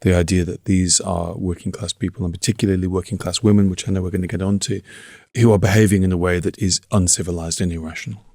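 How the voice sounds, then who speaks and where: Man with a very deep voice discussing history. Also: fairly even intonation, fast, darkish tone, dry recording, studio quality. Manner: thoughtful, builds points in lists. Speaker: co-host.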